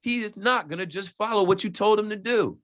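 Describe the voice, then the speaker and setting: This high-pitched, brisk voice belongs to a sports radio host from the New Jersey shore. On a laid-back podcast, he talks emphatically and performs the quoted exchanges with animated voices.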